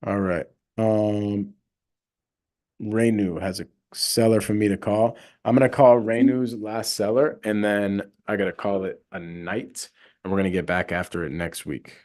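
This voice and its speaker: A young man, talking to his livestream viewers in a loose, rambling way. His voice sits a little low, and he leans hard on his points between plenty of fillers. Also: steady tone, a little slow, a little mellow. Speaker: livestream host, real estate wholesaler. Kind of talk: casual livestream chat.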